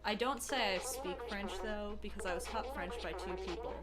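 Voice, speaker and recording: A woman's voice: mid-range voice, normal speed. A woman chatting casually on a charity game stream, rambling into asides and laughing often. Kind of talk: casual chat. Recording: music playing behind.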